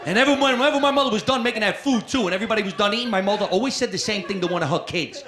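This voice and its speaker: Animated male comic in an echoey club. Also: rapid-fire, hardly any pauses. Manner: animated, mimics his mother in high-pitched bursts. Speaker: stand-up comedian. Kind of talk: stand-up set and chat. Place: comedy club stage. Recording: echoey club with loud crowd noise.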